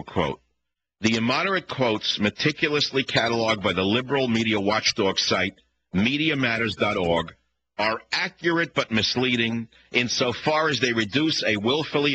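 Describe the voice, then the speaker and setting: A combative male talk radio host with a thick Bronx accent, ranting through a monologue and firing rhetorical questions at his listeners. His voice sits fairly low but comes across forceful and edgy. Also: a little hiss or hum, low-quality recording. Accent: New York (Bronx). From the Bronx, New York.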